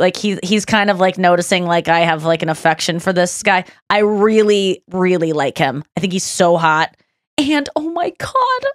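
A woman's voice: medium pitch, no echo, studio quality. A woman hosting a podcast in casual chat, gushing and chatty with lots of fillers and restarts. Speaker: podcast host.

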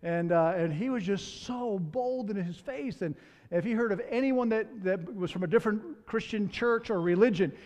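A man's voice: high voice, normal speed, darkish tone, in a large hall. A man preaching a sermon as pastor. He tells stories in a conversational way, with candid asides.

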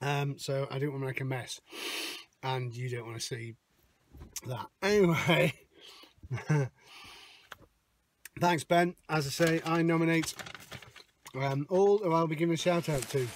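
A man's voice: fairly high pitch, a little slow, pauses often, slight background noise. A middle-aged Englishman with a slightly raised voice talks to his viewers while out in a field. He thinks aloud over each find and keeps up a running, casual commentary. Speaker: metal detecting vlogger.

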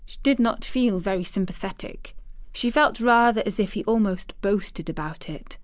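A woman narrating a classic children's novel in calm, measured storytelling. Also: mid-range voice, no echo, studio quality. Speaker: audiobook narrator. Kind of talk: scripted narration.

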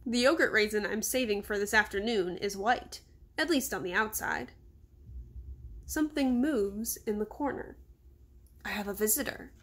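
A woman calmly reading a children's novel aloud. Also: medium pitch. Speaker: reader.

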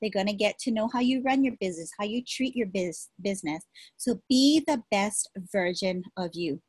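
A woman giving an energetic, encouraging motivational talk as a sales team leader, repeating her points, recorded at her desk. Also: mid-range voice, normal speed, husky, dry recording. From Hawaii.

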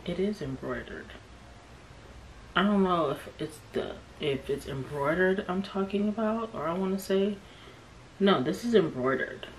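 A woman's voice: on the low side, expressive, a little slow, slight background noise, poor audio. A woman gushing over a new bag during an unboxing vlog, often dropping into a whisper, recorded in a room at home. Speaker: unboxing vlogger. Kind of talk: excited unboxing chat. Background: kids playing outside.

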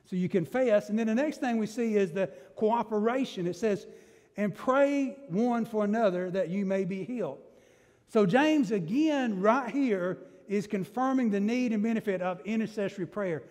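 A man's voice: sits high, normal speed, darkish tone. Preacher man in a reverberant church. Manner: emphatic preaching with rising bursts and rhetorical questions. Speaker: pastor. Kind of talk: sermon. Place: church sanctuary.

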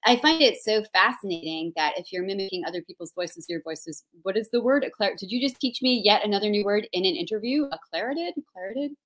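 Over a video call, a woman hosts an interview that feels like a casual chat, playful and happy to poke fun at herself. Her voice sits in the mid-range with a fairly bright tone, and she talks quickly with few pauses.

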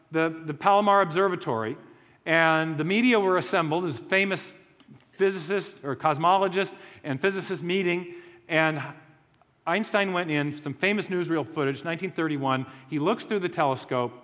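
A man's voice: sits high, a bit bright, in a large hall. A man giving a conversational lecture to a live audience, with joking asides and frequent restarts.

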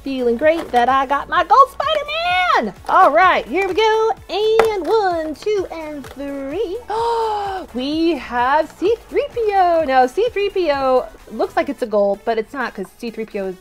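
Very high-voiced gushing woman unboxer. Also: sing-song, a little slow, fairly bright tone, soft background music. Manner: gushing, gasps and exclaims often. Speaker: toy unboxing channel host. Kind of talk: excited unboxing vlog.

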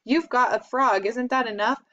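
A woman reading the lines of an excitable, scolding farm girl in a storybook, on a slightly dull recording. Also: on the high side, normal speed, voice pushed up, natural voice. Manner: scolding, exclaiming.

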